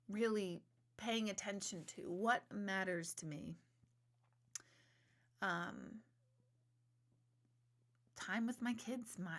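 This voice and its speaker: A woman's voice: medium pitch, a bit bright. Middle-aged woman, live-stream host; candid, rambling talk, curses in rants. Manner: candid, rambling, swears when ranting. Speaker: livestream host, intuitive reader. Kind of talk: casual live-stream talk, reading viewer comments.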